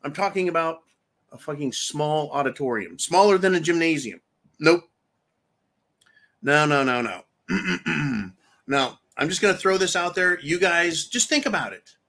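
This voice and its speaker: A man's voice: on the high side, lively intonation, a little slow, pushed and bright. A man hosting political commentary, delivering an angry, profane, sarcastic rant and repeating himself for emphasis.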